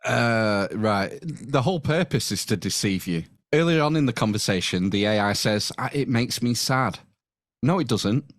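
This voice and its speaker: A man talks as a podcast guest in a lowish voice. He is measured and wry, pausing on fillers, and his voice sounds dry and close to the mic. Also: animated, no echo. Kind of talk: casual podcast chat.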